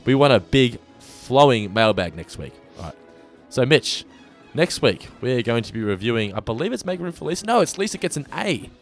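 Lively rambling man. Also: medium pitch, normal speed, few pauses, faint music behind. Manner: relaxed, rambling with frequent restarts. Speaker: podcast co-host. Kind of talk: casual chat.

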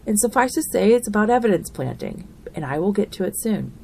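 A woman's voice: medium pitch, very animated, brisk, vocal fry, mellow, slight background noise. A woman hosting a true crime podcast, walking through a trial in an earnest, opinionated, conversational way. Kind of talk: narrated podcast commentary.

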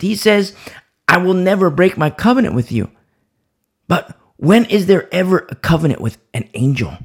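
A man preaches a midweek Bible study with a gravelly, husky voice. His pitch swings widely as he presses each point, often repeating a phrase for stress. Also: a bit bright. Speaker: Bible teacher.

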